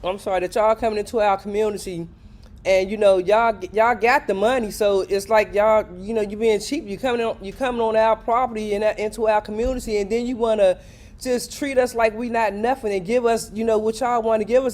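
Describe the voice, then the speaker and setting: An older man speaks up at a public hearing in a high-pitched voice. He is impassioned and pleading, and he circles back to the same points again and again. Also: a little fast, darkish tone. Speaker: resident giving public comment.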